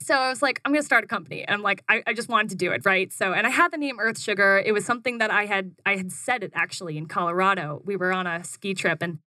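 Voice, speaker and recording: A young woman telling a casual story in an interview, animated and chatty, jumping up in pitch when she quotes herself. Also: fast, few pauses, no echo. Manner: animated, acts out her own quotes in a higher voice, frequent "like". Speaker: guest, food business founder.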